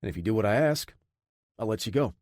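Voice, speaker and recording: A man doing a gruff, deep-voiced operative. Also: expressive, fast talker, darkish tone, no room sound, studio quality, close to an everyday voice. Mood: gruff, threatening. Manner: gruff, no-nonsense, menacing. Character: gruff hardened male special operative.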